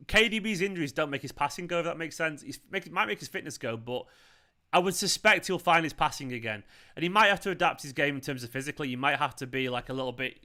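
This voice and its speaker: Mancunian male stream host, bright clear tone, loose and chatty with his viewers. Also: fairly high pitch. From England. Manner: chatty, rambling, reads out chat comments. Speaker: fan channel host. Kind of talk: casual live watchalong chat. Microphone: earphones with mic.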